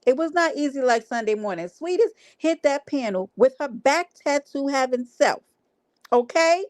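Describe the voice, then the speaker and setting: A woman's voice: high-pitched, animated, moderate pace, no room sound, studio quality. A woman hosting a livestream, talking to her chat in a brash, playful way with plenty of profanity. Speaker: livestream host.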